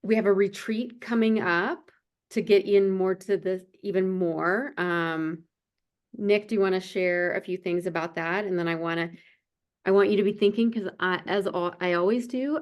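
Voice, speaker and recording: A woman's voice: mid-range voice, highs cut off. A woman hosting a webinar on a video call, wrapping up in a conversational way with fillers. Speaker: webinar host. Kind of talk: webinar wrap-up.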